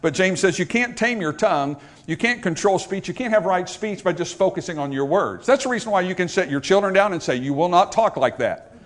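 A man's voice: high voice, animated, fairly quick, hardly any pauses. A male pastor preaching a sermon, joking with the congregation and asking them questions.

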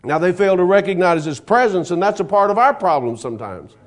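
A man's voice: high-pitched, animated, a little fast. A man preaching a sermon, reading scripture aloud and then talking it over in a conversational way, often repeating and restarting words, before leading a prayer. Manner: reads scripture in King James wording. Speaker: guest preacher.

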